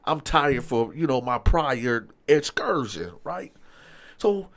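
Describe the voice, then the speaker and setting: A man telling a true story from his past in a casual, animated monologue, talking straight to his audience with lots of fillers. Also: medium pitch, slow, gravelly. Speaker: storyteller host.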